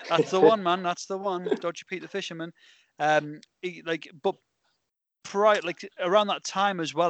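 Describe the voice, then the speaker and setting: A British man hosts a podcast in a slightly high, animated voice. He rambles through stories, full of fillers and restarts. The sound is dry and close. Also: no echo. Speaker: podcast host. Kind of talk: casual chat.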